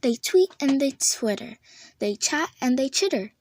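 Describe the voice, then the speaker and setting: A woman reads a children's picture book aloud. She is slow and deliberate, lingering over each line. Her voice sits a little high and stays expressive throughout. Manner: slow, expressive, drawn-out reading. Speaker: storyteller. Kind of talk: storybook read-aloud.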